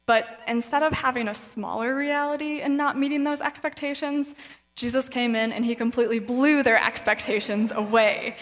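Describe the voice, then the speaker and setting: A woman's voice: fairly high pitch, moderate pace. A woman guest speaker giving a conversational sermon with Bible readings, chatty and casual, now and then acting out the voices of people in the story. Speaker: guest speaker at a young adult event. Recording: reverberant hall sound.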